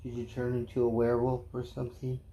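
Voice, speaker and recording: A man on a casual live stream, chatting to his cats in a soft, high baby-talk voice and rambling through offhand stories. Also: monotone, fast. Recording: echoey room with faint ambient noise.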